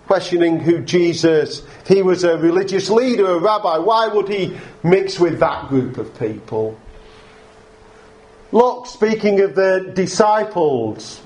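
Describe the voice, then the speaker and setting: A male preacher gives a sermon in a high, light voice. He speaks slowly and stops now and then to restart a phrase or add a filler. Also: animated, a little mellow.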